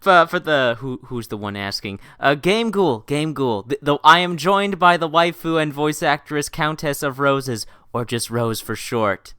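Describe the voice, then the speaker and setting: A man's voice: a little high, normal speed, hardly any pauses, clean tone, no echo, studio quality. A man hosting an unplanned livestream, chatting casually with a guest and his viewers, rambling and laughing often. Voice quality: lively, giggly, rambling. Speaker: livestream host.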